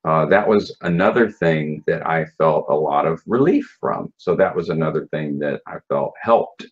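A man with a low, husky voice recounts his past in a relaxed interview. He talks bluntly, swears freely and trips over restarts and fillers. The recording sounds dull and lo-fi. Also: moderate pace. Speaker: interview guest. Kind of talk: casual recounting of personal story.

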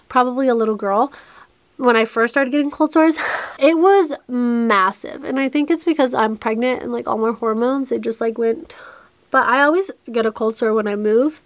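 A woman's voice: fairly high pitch, dry recording. A young woman vlogging in a chatty, rambling way, a little out of breath, talking to her camera in a cluttered room. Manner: rambling, breathless, restarts often. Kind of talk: chatty get-ready-with-me vlog. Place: small cluttered room indoors.

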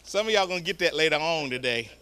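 Animated preacher man, lively pitch. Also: quick pace, some chatter behind, slight background noise. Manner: animated, swings from hushed to shouting. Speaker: guest preacher. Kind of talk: storytelling sermon. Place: church sanctuary.

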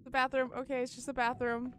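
A woman's voice: high-pitched, flat delivery, fast talker, a bit bright, a little hiss or hum. A young woman commenting on a horror game as she plays, easily spooked, shrieking, swearing and laughing nervously. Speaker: gaming video host.

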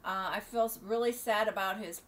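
A middle-aged woman vlogging casually, rambling and halting with many fillers and restarts. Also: mid-range voice, steady tone, a little hiss or hum. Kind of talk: casual opinion vlog. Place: at home near the beach.

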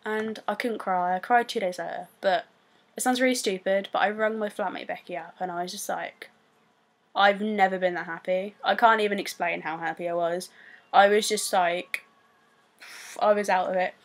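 Young woman, British accent, vlogger, chatty, rambling, lots of fillers, medium pitch. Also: moderate pace. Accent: British English. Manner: rambling, filler-heavy, excitable. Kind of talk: casual storytelling to camera.

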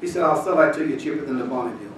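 A man preaching a sermon, telling a folksy personal story before building to loud, shouted scripture reading. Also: mid-range voice, expressive, racing, background noise. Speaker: pastor. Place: church sanctuary. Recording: echoey church hall, distant mic. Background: congregation responses, room ambience.

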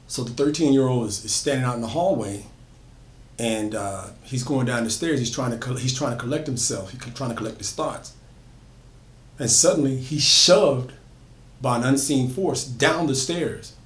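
A man's voice: mid-range voice, moderate pace, fairly bright tone. A man retelling a horror story in a loose, conversational way, with frequent fillers and restarts. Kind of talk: casual spoken horror storytelling. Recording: echoey room.

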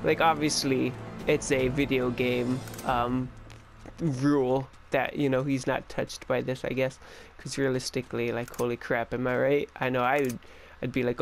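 A man's voice: medium pitch, level tone, moderate pace, vocal fry, soft background music. A young man giving casual, joking let's-play commentary and chatting to the game character. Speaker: gaming YouTuber.

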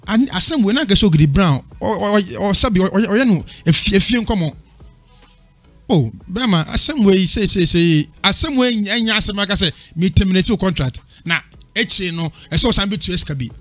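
A man's voice: high voice, a bit bright, no echo. A man giving his opinion as a panel guest, rambling and stammering through restarts as he switches between Twi and English. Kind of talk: casual opinionated debate.

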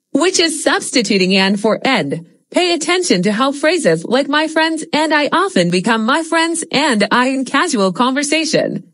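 A woman's voice: high voice, dry recording. A woman teaching English in a scripted lesson narration, explaining steadily and reading out example phrases.

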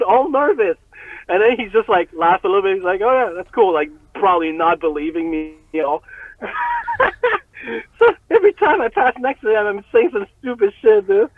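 A man guest telling a story in a casual interview, excitable, swearing and acting out quotes. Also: high voice, no echo. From Canada. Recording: tinny phone-like line.

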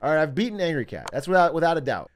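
A man streaming chess games, excitable and self-mocking, swearing often. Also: a little high, very fast, a little hiss or hum. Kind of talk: live-stream chess commentary.

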